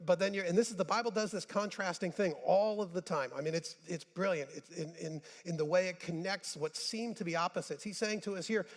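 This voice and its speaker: A male pastor preaching a sermon in a church, conversational with joking asides, swinging between hushed and emphatic. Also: sits high, fast talker, few pauses. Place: church sanctuary. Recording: church hall with long reverb.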